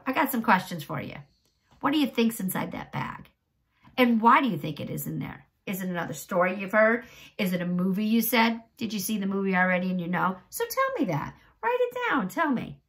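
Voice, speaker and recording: A young adult woman teacher reading a chapter book aloud to her pupils in an expressive storytelling voice, then chatting to them with questions. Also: medium pitch.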